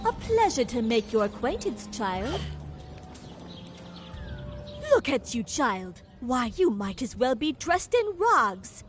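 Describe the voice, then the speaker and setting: A woman's voice: on the high side, very animated, takes it slowly, pauses often, music in the background. A snobbish aristocratic lady. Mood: condescending. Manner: condescending, affected, fussy.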